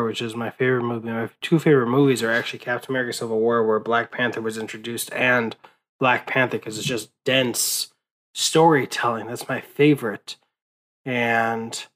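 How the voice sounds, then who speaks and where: A man's voice: medium pitch, a bit bright, low-quality recording. A young man rambling in a casual late-night monologue, worn out and swearing often, with many fillers and restarts. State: exhausted. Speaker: vlogger.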